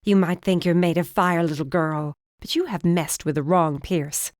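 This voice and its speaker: A cold, imperious middle-aged witch mother, as an audiobook narrator plays her, clipped and disapproving. The voice sits fairly low and close, with a dry, dead sound. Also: fairly even intonation, normal speed, darkish tone, dry recording, lightly acted. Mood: threatening.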